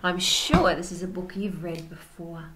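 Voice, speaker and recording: A woman teacher reading a picture book aloud to children, gentle and expressive, asking questions as she goes. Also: fairly low pitch, moderate pace. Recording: roomy echo, faint background hum.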